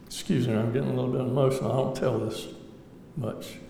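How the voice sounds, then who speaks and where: A man's voice: medium pitch, steady tone, fast, gravelly, mellow, slight background noise. A man giving an earnest personal testimony to an audience, reflective with wry humor. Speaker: lay speaker giving testimony. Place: large hall before an audience. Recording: echoey hall with faint ambience.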